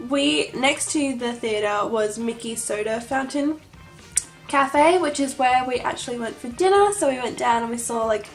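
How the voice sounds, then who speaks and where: A young woman tells a vlog story, gushing and breathless, with "like" in nearly every line. Her voice sits high. Faint music plays under her talk. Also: creaky. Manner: gushing, breathless, heavy use of "like". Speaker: vlogger.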